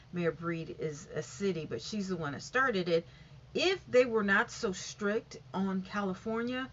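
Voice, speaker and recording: A woman's voice: fairly low pitch, highs cut off, slight background noise. A woman vlogging from home, reading out statistics in a rambling, casual way and often stumbling over and correcting the numbers. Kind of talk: casual update reading figures aloud.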